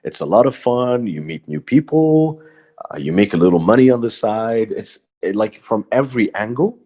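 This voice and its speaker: A man's voice: lowish voice, expressive, moderate pace, dark tone. A man from Bahrain, a voice-over artist, talking reflectively as a podcast guest with frequent fillers and restarts. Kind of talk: casual interview talk.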